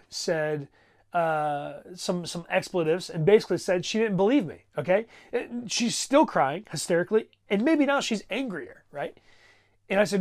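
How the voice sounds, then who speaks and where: A man in his thirties preaching a sermon, telling a story in a conversational way and checking in with the congregation. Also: fairly high pitch. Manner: conversational, checks in with "right?" and "okay?". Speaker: pastor.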